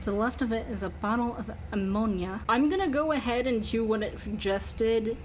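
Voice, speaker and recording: A woman streaming a text adventure game, who reads the game's narration aloud in an even, deliberate voice and breaks into frustrated swearing. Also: on the high side, a little hiss or hum.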